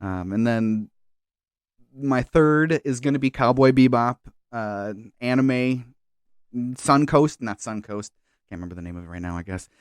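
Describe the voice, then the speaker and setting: A man's voice: medium pitch, a little slow, clear, resonant tone, no room sound. A man co-hosting a casual podcast chat, rambling with lots of fillers and restarts. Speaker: podcast co-host.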